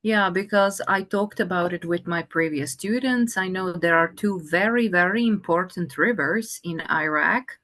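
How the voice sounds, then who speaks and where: A woman teaching an English conversation lesson, speaking slowly and patiently with many fillers. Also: lowish voice, a bit bright.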